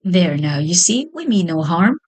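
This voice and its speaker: A smooth-talking pumpkin ringleader, sly and jolly, wheedling in a soft, lowered voice, as a woman storyteller puts him on. His tone stays gentle and winning, the way a storybook rogue talks his way out of trouble. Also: big pitch swings, moderate pace. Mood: coaxing. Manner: persuasive, coaxing. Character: sly jolly pumpkin gang leader, male.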